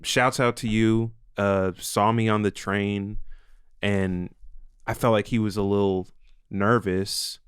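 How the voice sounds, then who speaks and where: A man's voice: lowish voice, slow pace, clean tone, dry recording, studio quality. A man co-hosting a casual comedy talk show, telling stories and acting out the voices of strangers he met. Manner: animated storyteller, acts out voices of strangers. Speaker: podcast co-host.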